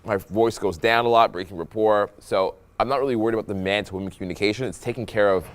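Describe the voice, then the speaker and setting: A young man talking as a dating coach over his own footage, animated and playful, deliberately swinging his voice between loud and soft. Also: on the low side. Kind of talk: voice-over commentary on infield footage.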